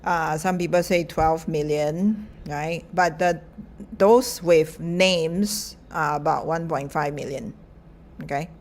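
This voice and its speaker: A middle-aged woman gives an informal lecture. She talks slowly and in a fairly low voice, chatty, with lots of fillers and light laughs. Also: fairly even intonation.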